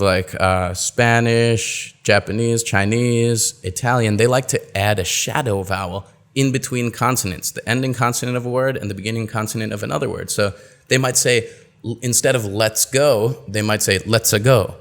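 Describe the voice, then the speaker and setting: A man giving an online pronunciation lesson as a coach, explaining patiently and saying example phrases slowly and clearly. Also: mid-range voice. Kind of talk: webinar lesson.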